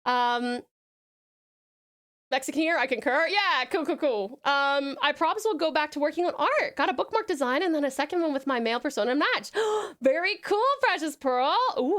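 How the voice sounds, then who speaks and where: A woman's voice: high-pitched, expressive, brisk, fairly bright tone. A woman with an Australian accent chatting casually on a live stream, reading chat aloud and calling her viewers darling and sweetheart. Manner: demonstrates purring and rolled R's.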